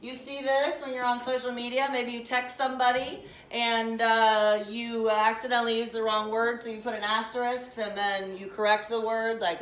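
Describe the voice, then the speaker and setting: Female teacher, slightly high voice, brisk and directive, classroom lesson. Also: level tone, fairly bright tone.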